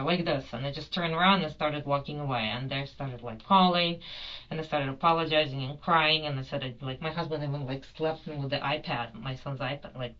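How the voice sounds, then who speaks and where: A woman's voice: deep voice, a little fast, highs cut off. A woman giving a rambling, apologetic account in a police interview, full of fillers. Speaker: detained airline passenger.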